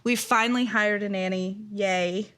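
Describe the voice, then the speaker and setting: A woman in her thirties hosting a podcast, telling parenting stories in a casual, animated way with plenty of laughter and fillers. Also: mid-range voice, normal speed. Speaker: podcast host. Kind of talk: casual chat.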